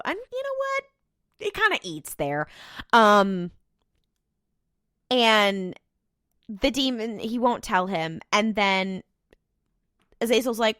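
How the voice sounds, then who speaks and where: A woman's voice: on the high side, sing-song, slow, long pauses, a bit bright, dry recording, clean studio sound. A young woman co-hosting a casual rewatch podcast, recapping scenes with playful voiced quotes. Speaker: podcast co-host.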